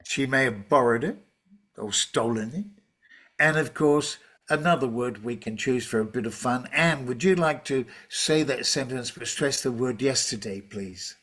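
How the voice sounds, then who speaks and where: Man, online teaching workshop, video call, relaxed and chatty, middle pitch, lots of fillers. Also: moderate pace. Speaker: teacher trainer presenting a webinar.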